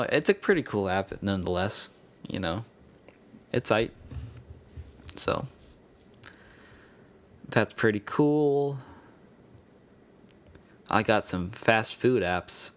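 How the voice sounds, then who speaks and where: A man's voice: fairly low pitch, lively intonation, slow pace, long pauses. A young man hosting his own podcast, rambling in a casual, profane and self-mocking way. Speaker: podcast host.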